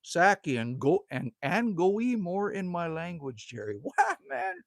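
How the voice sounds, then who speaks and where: A man's voice: sits high, big pitch swings, a little slow, dry recording, studio quality. A man hosting a casual live stream outdoors at a cabin, answering viewer comments in a chatty, laid-back way and calling everyone man or buddy.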